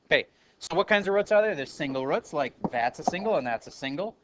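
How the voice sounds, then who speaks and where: A man's voice: a little high, lively intonation, fast talker, noisy background. A man teaching a math review lesson in a classroom, talking casually, correcting himself and calling on students. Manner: casual, self-correcting, calls on students by name.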